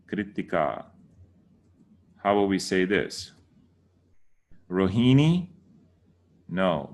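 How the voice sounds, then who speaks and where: A man giving a casual lesson, patiently repeating words to correct how people say them. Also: low-pitched. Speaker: teacher.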